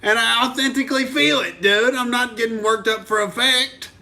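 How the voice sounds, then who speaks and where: A man's voice: extremely high pitch, moderate pace, vocal fry, sharp tone. A young male comedian from Oklahoma ranting on a live stream, heated and profane, reading out and answering viewer comments.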